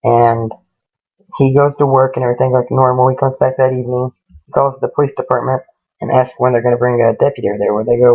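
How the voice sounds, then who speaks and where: A man's voice: mid-range voice, little pitch movement, fast, gravelly. A man casually retelling a ghost story in a rambling way, stringing events together with "he goes" and "she goes". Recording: tinny phone-like lo-fi audio.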